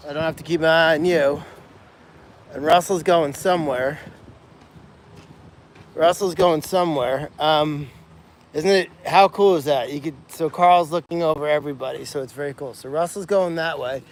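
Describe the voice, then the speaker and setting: A chatty man with a somewhat high voice rambles through a casual live-stream walk-through, full of fillers and restarts. He is walking outdoors on a farm pasture. His phone, held in his hand, picks up the talk. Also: measured pace, a little hiss or hum. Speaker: animal sanctuary caretaker.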